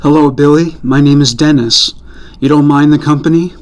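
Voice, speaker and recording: A man reading a quiet, lonely Scottish man. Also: fairly high pitch, steady tone, moderate pace, lightly acted. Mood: polite. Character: lonely middle-aged Scottish man, soft-spoken.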